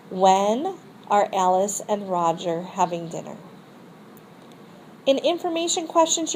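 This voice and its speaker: A woman's voice: mid-range voice, a little mellow, slight background noise, poor audio. A woman teacher explaining a French grammar lesson step by step and modeling phrases for students to repeat. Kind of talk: recorded classroom lesson.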